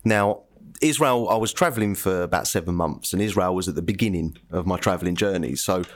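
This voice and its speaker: A British man co-hosting a podcast, chatting casually and telling a travel story, laughing often. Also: a little fast. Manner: chatty storyteller, laughs often, pitch jumps up when amused. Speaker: podcast co-host. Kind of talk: casual chat.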